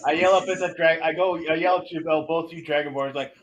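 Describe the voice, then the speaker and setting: A man with a somewhat high voice plays a tabletop game. He says plainly what his character does, in a casual way. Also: steady tone, fairly quick, a little hiss or hum. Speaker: player.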